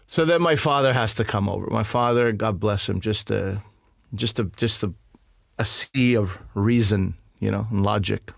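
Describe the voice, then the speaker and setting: A man chatting as a guest, telling lively stories about his family and his name. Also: on the low side, moderate pace, creaky, no room sound, clean studio sound. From Pakistani family. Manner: animated, acts out other people's voices. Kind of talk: conversational storytelling.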